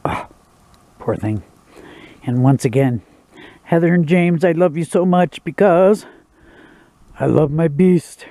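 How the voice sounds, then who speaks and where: A man's voice: a little high, takes it slowly, pauses often, dark tone, no echo. A man narrating his own outdoor cooking vlog beside a campfire in the woods, in a folksy, joking, laid-back way.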